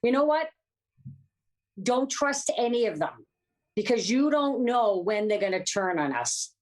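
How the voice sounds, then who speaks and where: A woman's voice: a little high, big pitch swings, measured pace. A woman guest on a political talk show, talking emphatically and repeating her points.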